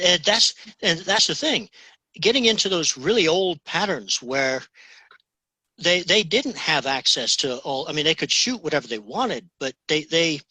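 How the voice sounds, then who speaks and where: A man's voice: fairly high pitch, pushed and bright, slightly rough, no room sound, low-quality recording. A man telling stories as an interview guest, rambling with many restarts and often asking "okay?". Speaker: guest, fly tier. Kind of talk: casual interview chat.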